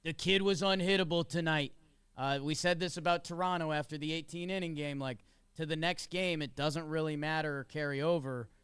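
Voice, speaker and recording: A man's voice: on the high side, steady tone, a little fast, fairly bright tone, clear, resonant tone, no echo. A man co-hosting a podcast, talking sports casually and chattily with jokes and fillers. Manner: chatty, jokey, with many fillers. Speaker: podcast co-host.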